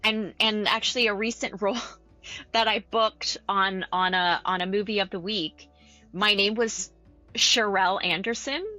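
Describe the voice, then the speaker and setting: A Canadian woman, an actor and coach, speaking in a casual interview in an animated, chatty way and often laughing. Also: medium pitch, moderate pace, soft background music. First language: English.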